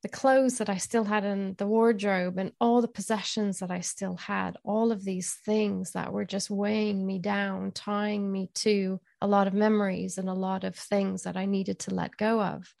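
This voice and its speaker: A woman guest telling a personal story in an interview, candid and emotional, unhurried. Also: mid-range voice, little pitch movement, vocal fry, darkish tone, no echo.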